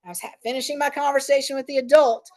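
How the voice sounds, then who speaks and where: A woman's voice: sits high, steady tone, fast, darkish tone. A middle-aged woman leading a parent training session in a casual, conversational way, often checking in with "right?" and "um". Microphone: meeting recording.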